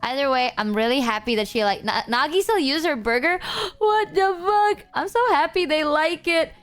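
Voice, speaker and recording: A woman's voice: sits high, a little fast, fairly bright tone. A woman streamer joking and teasing casually on a live stream, often mocking herself.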